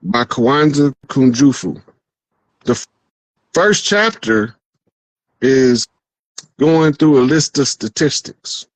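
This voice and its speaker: A man's voice: mid-range voice, expressive, takes it slowly, long pauses, no room sound, poor audio. A male guest talking in a proud, slangy, preacher-like way in casual conversation.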